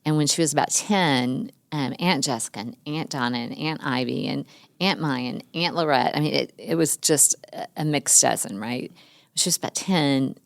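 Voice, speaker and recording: Middle-aged woman, low and gravelly, chatty storyteller who laughs easily; close, dry recording. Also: moderate pace, dry recording. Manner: breaks into higher voices to quote her child. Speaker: interview guest. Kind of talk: personal storytelling in an interview.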